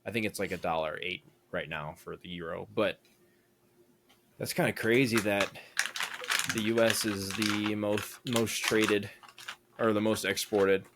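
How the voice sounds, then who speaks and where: A man's voice: lowish voice, steady tone, unhurried, pauses often, background noise. A young American man co-hosting a casual podcast chat, rambling and thinking aloud with lots of fillers. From United States. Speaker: podcast co-host.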